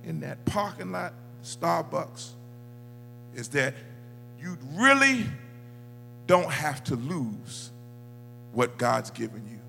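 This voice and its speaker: High, bright-voiced preacher whooping in church. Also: male voice, big pitch swings, slow pace, vocal fry, long pauses, in a large hall, soft background music. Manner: builds from quiet storytelling to shouted, sung climax. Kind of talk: sermon. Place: church sanctuary.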